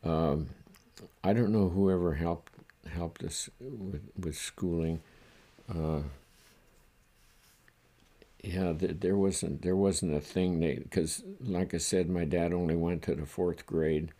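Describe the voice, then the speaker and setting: An older man from the United States, reflecting in a halting, chuckling way during an oral history interview. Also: deep voice, fairly even intonation, mellow. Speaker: interviewee recalling his childhood.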